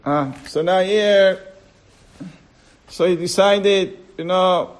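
A man teaching a Torah class, telling a parable in a halting, storytelling way and chuckling as he acts out the dialogue. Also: high-pitched. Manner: halting, fillers, slow and deliberate. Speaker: rabbi.

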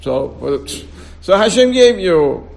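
High, gravelly man teaching a class. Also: big pitch swings, takes it slowly, darkish tone. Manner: keeps asking rhetorical questions and repeating words; checks on listeners with short asides. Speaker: Torah teacher. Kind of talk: casual classroom lecture.

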